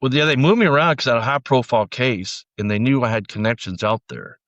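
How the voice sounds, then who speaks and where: A man's voice: mid-range voice, fast talker, fairly bright tone, no room sound, highs cut off. A man as a podcast guest, telling his story bluntly in a rambling, casual way with lots of fillers. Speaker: podcast guest, former sheriff's deputy.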